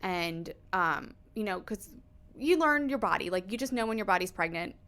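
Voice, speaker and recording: Sharing something personal on a podcast, a guest in her thirties speaks casually and emotionally, leaning heavily on "like" and "you know." Her voice is medium-pitched, lively, a bit bright, and moderately paced.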